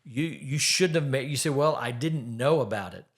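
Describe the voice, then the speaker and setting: A man's voice: medium pitch, lively intonation, normal speed. Earnest middle-aged man giving advice. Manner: earnest, asks the listener direct questions. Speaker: podcast host giving relationship advice. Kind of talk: faith-based advice talk.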